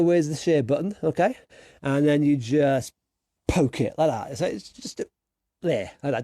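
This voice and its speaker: A man with a British accent coaching an online workout class, calling out moves and countdowns with energetic encouragement. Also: on the high side, normal speed, no echo. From United Kingdom. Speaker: fitness instructor.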